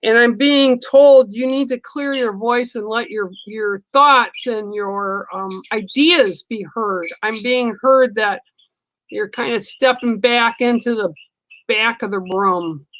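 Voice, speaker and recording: A woman giving a casual live psychic card reading, unhurried, with frequent ums and restarts. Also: fairly high pitch, fairly bright tone, slight background noise, rough recording. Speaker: psychic reader on a livestream.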